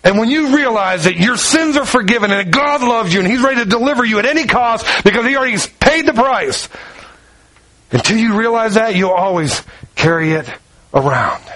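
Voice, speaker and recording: A man preaching a sermon with a fairly high voice. He tells the story with lively energy, acting out each character's lines as he paces about. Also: brisk, low-quality recording. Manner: walks around while preaching.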